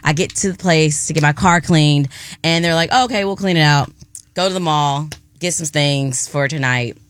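A woman co-hosting a radio show tells a story in a lively, chatty way. Her voice sits a little low, but it jumps up into sudden squeals when she acts out her panic. The mic is close and dry. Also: normal speed, no room sound. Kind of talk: casual chat, storytelling.

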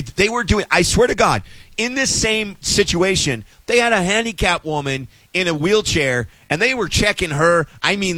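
A man's voice: a little high, fairly bright tone, no echo, rough recording. A man telling a story in a casual, exasperated rant, with sarcastic asides, as a host at the mic.

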